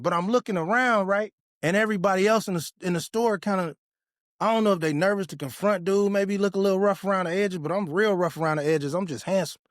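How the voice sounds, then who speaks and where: Guy with a high voice, podcast host talking real blunt and slangy, super dry close sound. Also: fast talker, no room sound. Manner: blunt, profane, street slang; animated when retelling confrontations. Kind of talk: casual storytelling monologue.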